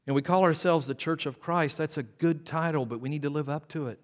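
An older man preaching a sermon in a church, talking in a conversational way and dropping to quiet asides. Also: fairly high pitch, fairly quick. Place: church sanctuary. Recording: long hall reverb in a church.

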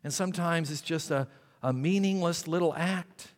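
An older man preaching a sermon in a church, talking in a conversational way and dropping to quiet asides. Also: on the high side, moderate pace. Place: church sanctuary. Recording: long hall reverb in a church.

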